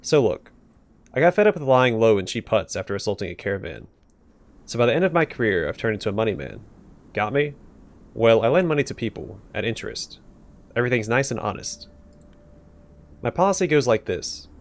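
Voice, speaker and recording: A man's voice: medium pitch, sing-song, brisk, long pauses. A man voicing Gosha, a cocky old thief. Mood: swaggering. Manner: swaggering, breezy slang with threats. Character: old male thief and loan shark, cocky and menacing.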